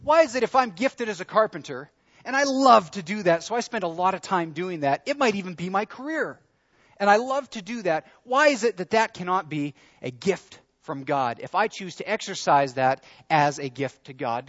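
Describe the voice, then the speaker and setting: A man's voice: sits high, big pitch swings, moderate pace, few pauses, a bit bright, lo-fi sound. A man preaching a sermon in an earnest, conversational way, leaning into his questions. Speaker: pastor.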